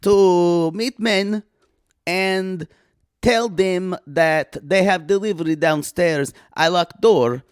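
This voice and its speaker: A man voicing a scheming, world-weary woman cousin named Olga, talking in halting, broken English with dramatic pauses in an improvised comic bit. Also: sits high, clear, resonant tone, no echo, clean studio sound, pitched above the performer's own voice. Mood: sly.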